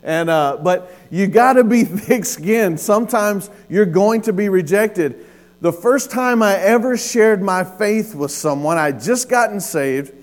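Male pastor, fairly high voice, energetic storytelling sermon, faint hum behind. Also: a little slow. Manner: storytelling, animated with laughs and acted-out quotes.

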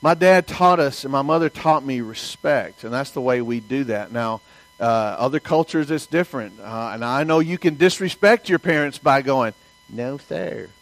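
A man's voice: medium pitch, animated, normal speed, no echo, low-quality recording. A man from the American South with a Southern accent, preaching a sermon in a folksy storytelling way and asking the congregation for amens. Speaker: pastor.

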